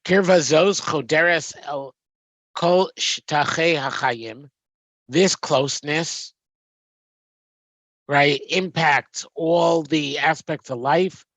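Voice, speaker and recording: A man's voice: fairly high pitch, extremely slow, fairly bright tone, no echo. A man teaching a text study, reading Hebrew phrases and translating them with frequent ums and restarts. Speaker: Torah teacher.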